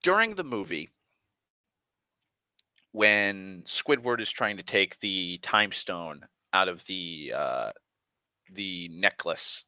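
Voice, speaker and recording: Deep-voiced man ranting about a movie. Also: dry recording. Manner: profane, excitable, rambling with restarts. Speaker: movie vlogger. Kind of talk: rambling movie recap.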